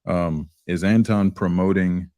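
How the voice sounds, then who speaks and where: A male panelist in an online discussion, asking measured, probing questions. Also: low-pitched, steady tone, mellow, no room sound, clean studio sound. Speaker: panel guest.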